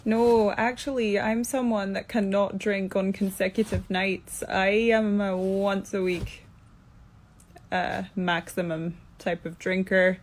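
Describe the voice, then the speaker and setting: A woman's voice: little pitch movement, slow pace. Sleepy Scottish woman chatting casually. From Scotland. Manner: chatty, tired, low energy. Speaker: actress answering fan questions. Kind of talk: casual Q&A to camera. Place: single room in quarantine. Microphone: phone camera, self-recorded.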